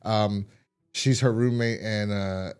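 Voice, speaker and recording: Animated man retelling a TV episode. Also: lowish voice, slow, clear, resonant tone, soft background music. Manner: animated storytelling, laughing and mimicking characters. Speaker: podcast co-host reviewing a TV episode. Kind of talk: casual chat.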